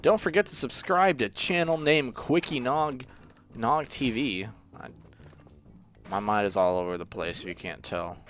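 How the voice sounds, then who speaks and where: A young man hosts a gaming channel, casually talking through a let's-play as he games, rambling, cracking jokes, getting easily frustrated and dropping lots of fillers. His voice is medium-pitched, expressive, slightly bright and a touch slow. Soft music plays in the background.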